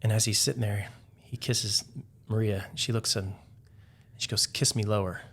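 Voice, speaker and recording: A podcast guest with a lowish, somewhat bright voice that has a breathy edge speaks in a steady tone at a moderate pace. His casual stories ramble, with heavy use of "like" and frequent restarts.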